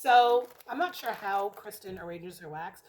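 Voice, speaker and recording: Middle-aged woman, home vlogger, talkative and loose, occasional swearing, mid-pitched voice, noisy recording. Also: measured pace, darkish tone. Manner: chatty, rambling, swears casually. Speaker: vlogger reviewing wax melts. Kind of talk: casual chat. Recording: noticeable background noise.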